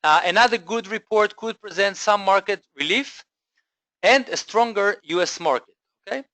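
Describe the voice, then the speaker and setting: A man presenting a live online trading lesson, energetic and full of fillers and self-corrections, often checking in with listeners. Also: high-pitched, moderate pace, no room sound.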